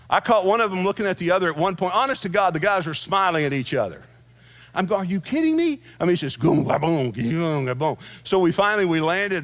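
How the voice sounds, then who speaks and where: A middle-aged male pastor preaching a sermon, telling it like a story to the congregation. His voice sits a bit high for a man. He mixes scripture with casual asides and chuckles. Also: a bit bright. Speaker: senior pastor.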